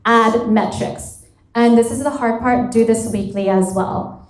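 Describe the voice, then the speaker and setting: A woman in her thirties leads a live motivational workshop, her voice sitting a little high and ringing around a roomy hall. She talks casually and fills her sentences with "like", slipping into quoted bits of dialogue as she coaches. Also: a little slow. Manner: conversational, peppered with "like", acts out quoted dialogue. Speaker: career coach giving a workshop talk. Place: event hall at a women's retreat.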